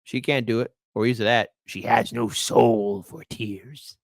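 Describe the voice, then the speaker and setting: A man hosting a casual commentary show, loudly mocking news clips with profanity. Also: mid-range voice, unhurried, creaky, no echo, studio quality. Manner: loud, mocking, profane, lively swings. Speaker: host reacting to news clips.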